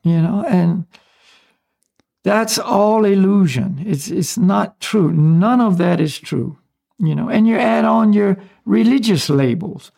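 High raspy guy, husky and creaky, easygoing teacher explaining stuff, chuckles a bit. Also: slow pace. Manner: relaxed, explanatory, chuckles between points. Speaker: spiritual teacher. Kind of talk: casual conversational teaching.

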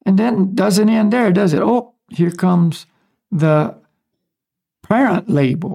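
Here a male spiritual teacher from the United States lays out ideas conversationally and casually, with little laughs along the way. The voice is high-pitched and gravelly, and the delivery is slow.

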